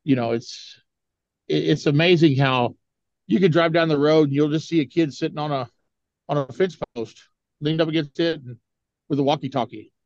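Profane, laughing storyteller man, higher voice. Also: moderate pace, a little mellow, no room sound, lo-fi sound. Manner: profane, laughing, heavy use of "you know". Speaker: podcast guest. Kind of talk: casual storytelling chat.

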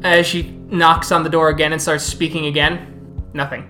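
A woman as storyteller, narrating a tabletop game in an unhurried, halting way. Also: low voice, flat delivery, a bit bright, faint music behind.

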